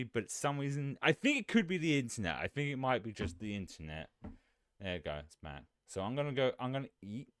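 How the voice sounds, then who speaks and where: A man chatting casually on a live stream, rambling and swearing, growing animated when he rants. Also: lowish voice, smooth, dry recording, studio quality.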